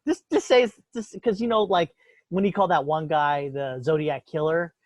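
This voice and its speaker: A man's voice: a little high, normal speed, darkish tone, no echo. A man hosting a podcast, talking in a profane, heated, rambling way. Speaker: podcast host. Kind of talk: casual opinionated chat. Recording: dull lo-fi dry recording.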